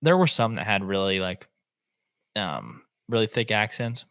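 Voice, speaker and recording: A man, a podcast host telling an animated hunting story in casual chat. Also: fairly low pitch, measured pace, clean tone, no echo, studio quality. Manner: animated, acts out quotes in voices.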